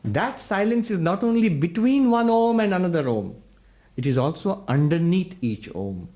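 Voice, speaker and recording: A man, a monk, giving a spiritual lecture, patiently guiding listeners through a meditation and drawing out the chanted syllables slowly. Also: high-pitched, lively intonation, warm tone.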